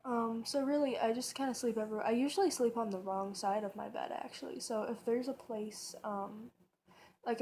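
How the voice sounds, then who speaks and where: A woman's voice: a little high, a little mellow, a little hiss or hum. Rambling chatty young woman vlogger. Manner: rambling, chatty, many fillers and restarts. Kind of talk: casual tag video chat. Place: bedroom, on her bed.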